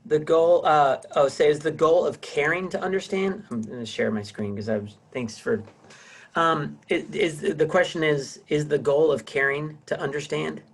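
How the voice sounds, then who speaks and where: Speaking at a normal speed in a voice on the high side, a middle-aged man lectures a casual online class by video call. He rambles and restarts many times.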